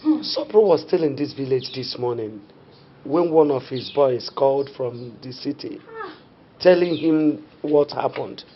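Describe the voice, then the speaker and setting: A woman's voice: very deep voice, lively intonation, measured pace, a little hiss or hum. An actress with a Nigerian accent playing a worried middle-aged mother who soothes her daughter and scolds her husband. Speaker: mother and wife. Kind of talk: Nollywood film drama. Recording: dull film audio with music behind.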